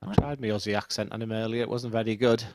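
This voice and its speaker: A male co-commentator with a lower voice, chatty and joking. He trades opinions on the players' throws and adds colour to the action. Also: little pitch movement, quick pace, very noisy. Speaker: darts co-commentator. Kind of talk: sports commentary banter.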